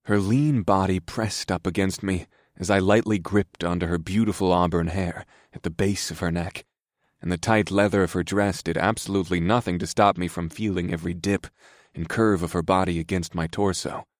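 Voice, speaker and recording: Man, very low voice, calm steady storyteller, soft-spoken, dry close sound. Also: moderate pace, no room sound. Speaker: narrator. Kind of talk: first-person story narration.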